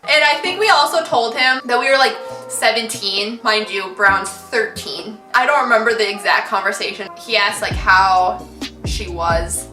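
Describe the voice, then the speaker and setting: Bright, giggly young woman telling a story. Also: mid-range voice, lively intonation, moderate pace, echoey room, far from the mic, soft background music. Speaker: vlogger. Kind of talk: storytime vlog.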